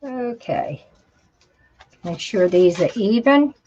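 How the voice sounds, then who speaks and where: A woman with an expressive, mid-range, slightly mellow voice speaks at a slow pace while hosting a craft tutorial. She chats, says "y'all," and talks to herself as she works in this casual demo, recorded on dull lo-fi home video audio.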